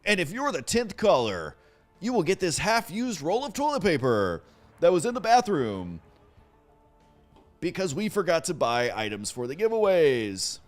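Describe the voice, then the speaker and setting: A man putting on the voice of a cheesy male pop radio DJ, with a booming, drawn-out announcer delivery. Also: wildly swooping pitch, faint music behind. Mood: hyping.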